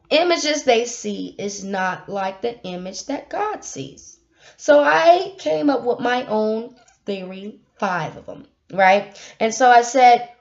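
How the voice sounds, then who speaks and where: A young woman giving a casual spiritual monologue, animated and preachy, swinging from loud outbursts to hushed asides. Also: high-pitched, dull audio. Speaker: speaker.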